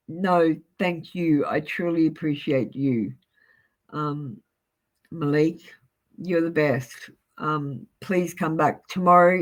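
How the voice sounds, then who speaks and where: A woman's voice: deep voice, rough recording. A woman, giving live-stream tarot readings in an abrupt, sweary manner and often apologizing. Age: 40s. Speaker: tarot reader.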